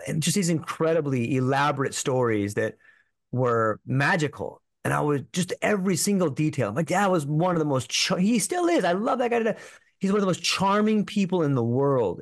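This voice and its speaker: A man's voice: on the high side, no room sound. A man telling a personal story as a podcast guest, in an earnest, rambling way full of filler words.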